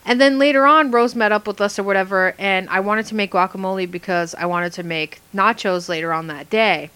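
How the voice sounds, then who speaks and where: A young woman chatting casually, telling a funny story in an animated way and laughing often. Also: medium pitch, a little fast, clear, resonant tone. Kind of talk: casual chat.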